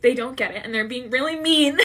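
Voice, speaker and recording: A woman's voice: high voice, fairly quick, fairly bright tone. A woman who is a social media creator, crying and laughing through tears in an emotional farewell vlog, often repeating herself.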